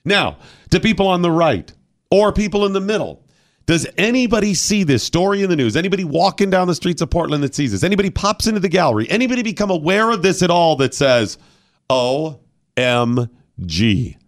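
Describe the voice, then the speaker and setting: A man's voice: high-pitched, expressive, fast, dry recording, studio quality. A male radio host giving argumentative, opinionated commentary and firing off rhetorical questions.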